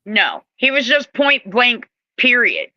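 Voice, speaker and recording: Slow talking woman cohost, really bright tense voice, a bit dull sounding. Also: a little high, huge pitch swings, no room sound. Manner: hesitant, agreeing. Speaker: podcast co-host. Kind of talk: casual recap chat.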